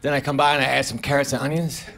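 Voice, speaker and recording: A man doing a stand-up comedy set of deadpan one-liners with mumbled asides, recorded live on a comedy club stage. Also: mid-range voice, racing, gravelly.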